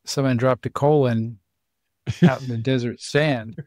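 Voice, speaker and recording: A man's voice: medium pitch, fairly even intonation, a little slow, darkish tone, no room sound. A man hosting a podcast in casual chat, with dry, wry humor. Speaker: podcast host.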